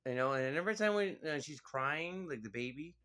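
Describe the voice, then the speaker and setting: A man's voice: a little high, lively intonation, a little fast, pushed and bright. Rambling man reviewing a movie. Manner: rambling, full of "like" and "you know". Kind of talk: casual spoken movie review.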